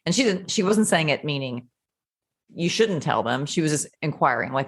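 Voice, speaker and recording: Low-voiced woman telling her story frankly. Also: moderate pace. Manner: frank and animated, acting out her past self in quotes. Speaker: podcast guest. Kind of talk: candid conversational storytelling.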